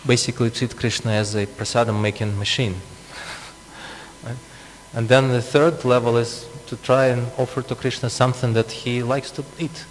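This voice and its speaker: A man's voice: medium pitch, steady tone, moderate pace. A man preaching a scripture class, explaining with asides and frequent chuckles. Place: temple hall. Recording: long reverb, faint hum.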